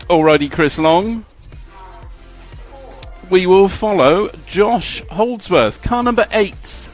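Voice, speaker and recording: A man's voice: high-pitched, lively intonation, slow pace, faint music behind. A man commentating a live model car race, chatty and jokey, reading out lap times.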